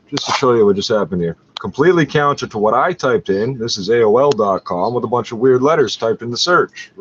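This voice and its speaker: A man's voice: fairly low pitch, background noise. A man talking to the camera from his computer in a profane, confrontational rant, taunting and swearing at someone. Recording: dull lo-fi home recording.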